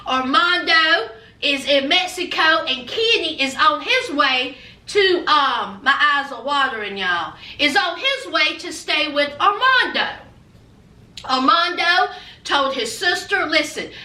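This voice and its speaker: A woman's voice: high-pitched, pushed and bright. A woman reviewing a reality show in casual, sassy, teasing gossip commentary. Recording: echoey room, distant from mic.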